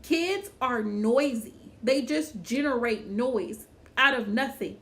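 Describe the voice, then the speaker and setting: A woman's voice: on the high side, animated, takes it slowly. A woman hosting a casual livestream chat, talking to viewers by name, repeating her phrases and laughing often. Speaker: livestream host.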